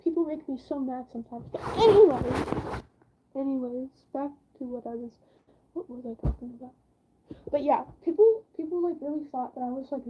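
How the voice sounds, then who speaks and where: A woman's voice: high voice, breathy edge, lo-fi sound. A teenage girl telling a rambling story from school in a casual live-stream chat, full of fillers. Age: teens.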